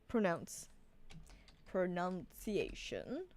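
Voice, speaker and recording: A woman's voice: on the high side, lively intonation, normal speed, a bit bright, no echo. A woman chatting casually on a live stream, reading out and answering viewer messages. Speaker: streamer reacting to a manga chapter.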